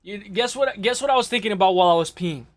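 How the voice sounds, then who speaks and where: A man hosting a casual livestream, rambling and joking with profanity, congested and clearing his throat. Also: high voice, fast talker. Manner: rambling, profane, jokey, reads chat aloud. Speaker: livestream host.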